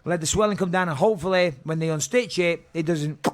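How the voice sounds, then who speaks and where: A man guesting on a podcast, telling a comic story in an animated way, swearing freely and acting out quotes. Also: on the high side, fairly quick, slight background noise.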